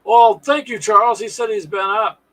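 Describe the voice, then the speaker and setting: A man's voice: sits high, fairly even intonation, normal speed, fairly bright tone, rough recording. A man hosting a casual live stream, chatting with viewers in a folksy, sarcastic way.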